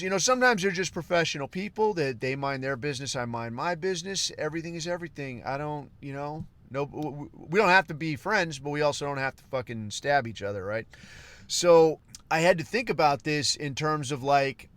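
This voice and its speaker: A man's voice: a little high, fairly bright tone, no echo. A man hosting a podcast, talking in a casual, profane, rambling solo monologue that flares up into heated outbursts. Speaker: podcast host.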